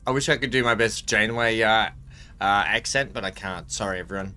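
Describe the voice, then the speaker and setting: Excitable guy streaming a game, rambly, bright punchy voice, faint music behind. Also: fairly low pitch, a little fast, clean tone. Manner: excitable, rambling, laughs often. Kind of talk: live gameplay commentary.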